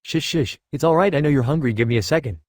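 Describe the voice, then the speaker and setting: Ein Mann liest sanften jungen Vater und Helden. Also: male voice, fairly high pitch, fast talker, no room sound, clean studio sound, close to an everyday voice. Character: young male hero and new father, gentle.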